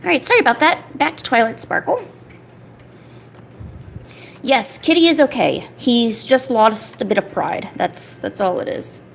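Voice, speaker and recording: A woman in her thirties, chatting casually on a livestream while she sketches, rambling with lots of filler words and cooing softly to her pet. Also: on the high side, expressive, a little slow, gravelly, long pauses, a little hiss or hum. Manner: soft, doting talk to her pet. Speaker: artist streamer.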